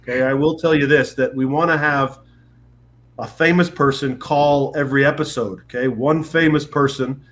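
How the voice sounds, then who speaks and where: A middle-aged man from Canada, a guest on a podcast, telling stories in lively casual chat and swearing casually. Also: mid-range voice, moderate pace. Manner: animated storyteller, swears casually, puts on voices. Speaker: guest, former pro football kicker.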